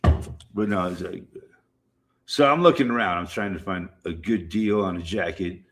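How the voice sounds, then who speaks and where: Speaking at a moderate pace with a slightly bright edge, a middle-aged man with a fairly low voice chats loosely with his livestream audience. He cusses without restraint and keeps looping back to repeat himself.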